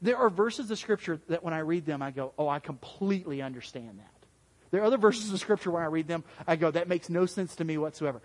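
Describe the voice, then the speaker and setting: A man's voice: darkish tone, in a large hall. A man giving an interactive sermon as pastor, conversational, asking the congregation questions and acting out the voices he quotes. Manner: acts out quoted voices with big pitch jumps.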